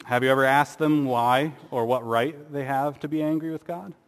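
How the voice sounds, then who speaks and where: A man's voice: mid-range voice, normal speed. A man preaching a sermon, earnest, with rhetorical questions and sarcastic asides. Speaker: pastor. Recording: long hall reverb.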